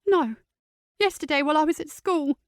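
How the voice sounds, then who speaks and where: A woman voicing an upset teenage girl, speaking high and quick in an audiobook. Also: no room sound, clean studio sound, close to an everyday voice. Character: distressed teenage girl, tearful and defiant.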